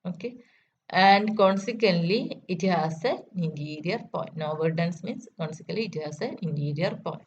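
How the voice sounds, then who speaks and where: A woman lecturer working through a mathematics proof step by step, often repeating key statements. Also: lowish voice. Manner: methodical, repeats key steps. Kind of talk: math lecture. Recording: dull lo-fi recording with faint noise.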